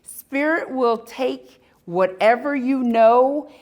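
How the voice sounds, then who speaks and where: A woman giving a live talk at an expo, telling personal stories with emphatic, dramatic pauses. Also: high-pitched, a little mellow, highs cut off. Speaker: speaker at a spirituality expo. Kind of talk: live storytelling talk to an audience.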